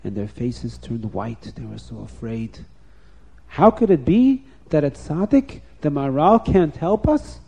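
A man telling a story to children in a lively, expressive way, dropping soft and rising loud. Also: mid-range voice, measured pace, vocal fry, husky.

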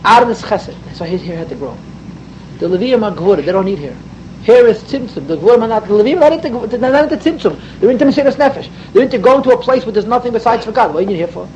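A man's voice: high voice, expressive, fast talker, darkish tone, muffled recording, slight background noise. A man giving an emphatic Torah class, explaining mystical ideas and mixing in Hebrew and Yiddish terms. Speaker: rabbi teaching Torah.

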